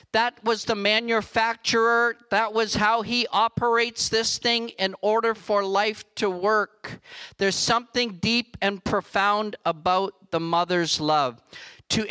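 A man's voice: sits high, sharp tone, clean tone, low-quality recording. A man preaching a sermon in an earnest style, building to emphatic peaks. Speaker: pastor.

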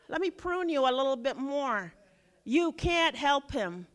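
A woman in her forties preaching a sermon, telling a personal story with dramatic swings from loud exclaiming to hushed lines. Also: a little high, lively intonation, measured pace.

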